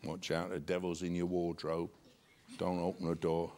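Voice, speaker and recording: A man mimicking a whiny, self-pitying male churchgoer in a low, mumbled moan. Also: monotone, normal speed, a little mellow. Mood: fretful.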